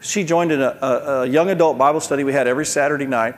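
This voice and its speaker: A man preaching as a pastor, telling folksy family stories in an animated way. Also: medium pitch, quick pace, in a large hall. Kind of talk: sermon with storytelling.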